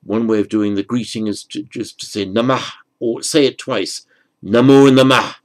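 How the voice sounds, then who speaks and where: A man teaching a slow, patient grammar lesson, spelling out words and rules. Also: on the low side, fairly even intonation, low-quality recording. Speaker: Sanskrit teacher.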